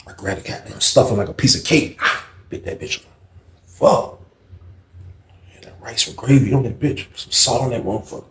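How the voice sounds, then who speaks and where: A man telling a profane personal story in an animated way, acting out the scenes. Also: mid-range voice, fast. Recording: roomy echo.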